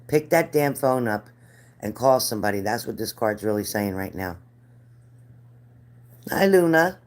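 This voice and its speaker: A woman's voice: very deep voice, animated, measured pace, darkish tone. A middle-aged woman reading spirit cards live for viewers, chatty and earnest, repeating their names. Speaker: card reader.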